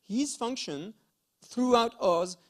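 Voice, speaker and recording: A man's voice: very high voice, slow, a bit bright. A middle-aged man with a French accent giving a conference lecture, hesitant, with many fillers and restarts and a frequent "okay?". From France. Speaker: university lecturer. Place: school conference hall.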